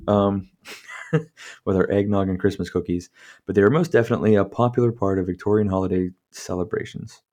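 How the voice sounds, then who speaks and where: A man's voice: low voice, brisk, darkish tone. A man hosting a podcast, reading from a book aloud and tripping over words, breaking off for casual, profane commentary. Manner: stumbles over words, swears freely, chuckles at the text. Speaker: podcast host.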